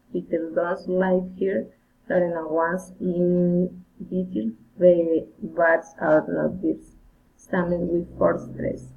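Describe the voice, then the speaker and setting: A woman reading English pronunciation drills aloud, word by word, carefully and haltingly, often repeating words. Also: fairly low pitch, slight background noise. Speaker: English learner. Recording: tinny phone-like recording.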